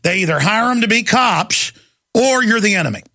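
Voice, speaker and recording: A man's voice: sits high, lively intonation, moderate pace, pushed and bright, no room sound, clean studio sound. A man hosting a talk radio show, talking intensely and emphatically in a long monologue.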